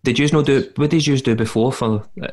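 A man's voice: mid-range voice, a little fast. A Scottish man co-hosting a podcast, laid-back and teasing as he chats. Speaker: podcast co-host. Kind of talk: casual chat. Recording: loud background noise.

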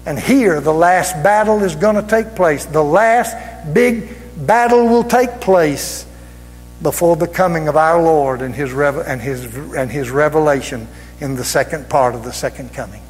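A man preaching a sermon fervently, drawing out key words and rising to shouts. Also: a little high, measured pace. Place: church sanctuary. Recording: reverberant church hall with music.

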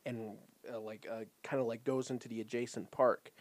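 A man's voice: mid-range voice, moderate pace, dry recording. A man casually recapping a show with a co-host, laughing often and swearing while retelling scenes. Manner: laughing, profane, animated retelling.

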